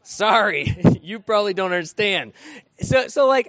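A man preaching an interactive sermon, animated and often asking his listeners questions. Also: high-pitched, moderate pace, no echo, clean studio sound. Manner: animated, asks the room questions.

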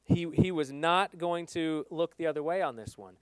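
A man's voice: on the high side, normal speed, clear, resonant tone, no room sound. Earnest, emphatic middle-aged male preacher. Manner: earnest, emphatic, swings between loud and soft. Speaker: pastor. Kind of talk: sermon.

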